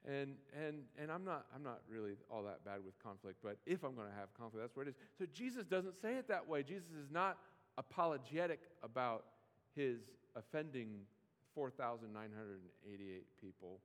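A man's voice: mid-range voice, animated, normal speed, fairly bright tone. A man preaching a sermon as pastor, in a conversational style with playful mock pleading asides. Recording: long hall reverb.

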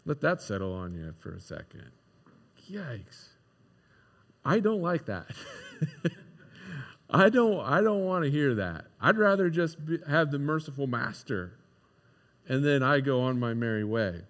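A male pastor delivering a casual, animated sermon and acting out the voices in a parable. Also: medium pitch, unhurried, pauses often. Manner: conversational, animated, acts out quoted voices. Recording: long hall reverb.

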